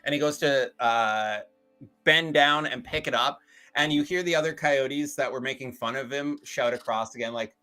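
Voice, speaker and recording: A man's voice: mid-range voice, moderate pace, pushed and bright, clean tone, poor audio. A man narrating a tabletop game as game master, casual and full of fillers and swearing.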